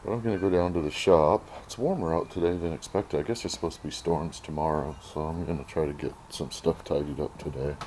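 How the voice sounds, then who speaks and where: A man talking casually to camera in a vlog, rambling and thinking aloud, often clearing his throat, moving between his workshop and yard. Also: extremely low pitch, fairly quick, few pauses, darkish tone, slight background noise, rough recording. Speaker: vlogger.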